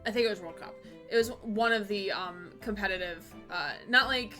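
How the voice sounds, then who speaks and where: A woman's voice: mid-range voice, bright, forceful tone, soft background music. A woman streaming a game live, chatting casually with her viewers and often laughing. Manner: giggly, chatty, quick asides to chat. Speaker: Twitch streamer playing a game with a voice partner.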